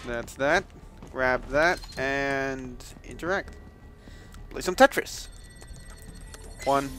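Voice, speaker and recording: A man from the Netherlands giving casual commentary while playing a video game, swearing and shouting out loud bursts. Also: medium pitch, extremely slow. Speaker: let's play gamer. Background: game music.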